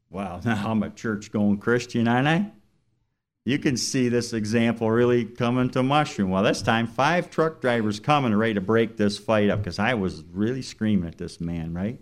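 A man with a fairly low voice gives a testimony in church. He tells his story in a plain, everyday way, then moves into preaching with questions put to the congregation. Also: moderate pace. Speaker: truck driver giving a church testimony.

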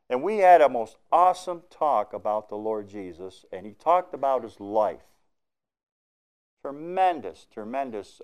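Folksy man telling a faith testimony. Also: clear, resonant tone. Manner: folksy storytelling with nonstandard grammar; grows loud and excited at the high points. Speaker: truck driver. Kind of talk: spoken personal faith testimony.

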